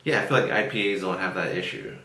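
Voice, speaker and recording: A man's voice: low-pitched, sing-song, fast talker, vocal fry, pushed and bright, slight background noise. A man hosting a casual podcast chat, swearing freely and laughing often as he tells stories. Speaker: podcast host. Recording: roomy echo.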